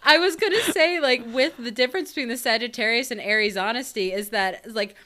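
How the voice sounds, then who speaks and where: Woman co-host with a bright, clean, smooth voice; relaxed chat, thinks out loud. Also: a little high, fairly quick. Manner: thinks aloud, many fillers and restarts. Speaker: podcast co-host. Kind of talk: casual astrology chat.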